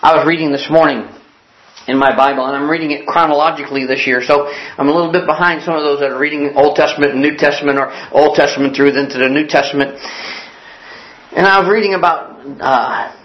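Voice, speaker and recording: A man's voice: a little high, fairly even intonation, fast talker. Earnest preacher man, echoey room. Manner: repeats key lines for emphasis; earnest, storytelling delivery. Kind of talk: sermon. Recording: echoey, dull lo-fi sound.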